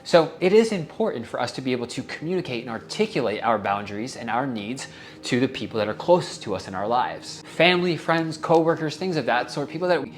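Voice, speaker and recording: A man's voice: medium pitch, animated, brisk. A young adult man hosting a wellness talk, speaking earnestly and casually about healing, with the odd swear and open emotion. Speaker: wellness podcast host. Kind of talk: heartfelt self-help monologue.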